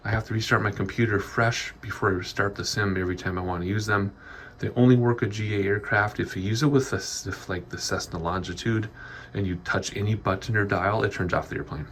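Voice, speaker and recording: A man's voice: fairly low pitch, steady tone, a little fast, fairly bright tone, a little hiss or hum. A man giving a chatty, rambling tour of his home office studio, a little out of breath. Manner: rambling, chatty, frequent ums. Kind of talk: casual walkthrough vlog.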